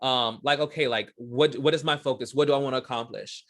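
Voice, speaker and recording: A man's voice: mid-range voice, fairly even intonation, fairly quick, fairly bright tone. A man from Houston, Texas, a stage performer talking as a guest in a casual interview, telling stories in a chatty way with lots of fillers and restarts.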